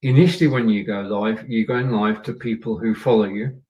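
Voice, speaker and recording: A man's voice: lowish voice, fairly even intonation, normal speed, distant mic, dull audio. Man coaching live, a bit off-mic. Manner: chatty, repeats points, checks in with "yeah" and "okay". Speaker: live show host. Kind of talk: coaching talk on a live stream. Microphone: camera and microphone.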